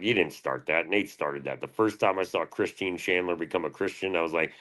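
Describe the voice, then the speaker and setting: In his thirties, this man has an extremely deep, low voice yet a fairly bright tone, and he talks fast with hardly any pauses. Chatting casually to his livestream audience, he drifts between topics and swears often in a crude, loose way.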